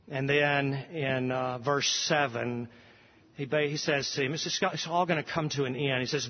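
A male pastor preaching a sermon in an earnest way, slowing down and pressing hard when he reads scripture aloud. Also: medium pitch, steady tone, in a large hall, highs cut off.

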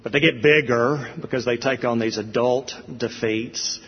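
A man's voice: medium pitch, fairly even intonation, moderate pace, breathy edge. A middle-aged man preaching a sermon as pastor, earnest and rising to emphatic peaks. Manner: earnest, builds to emphatic peaks, says "y'all". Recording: dull, echoey church hall.

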